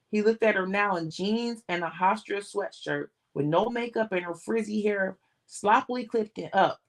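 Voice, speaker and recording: A woman reading a novel aloud on a livestream, steady and plain, sometimes restarting a word. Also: mid-range voice. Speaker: audiobook reader.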